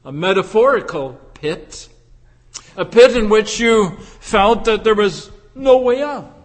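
A man preaching a sermon as pastor, slow and deliberate, with many rhetorical questions put to the congregation. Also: high-pitched, lively intonation. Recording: long reverb in a large hall.

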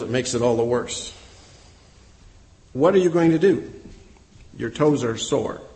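A man's voice: medium pitch, a little mellow, long reverb tail, rough recording. A man pastor delivering a sermon, telling a story and then teaching with emphatic repetition.

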